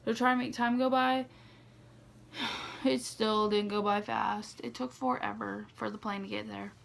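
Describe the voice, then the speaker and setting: A young woman's mid-range, creaky voice stays steady and unhurried as she tells a story to her vlog viewers. She's casual and chatty, saying "like" and "okay" often.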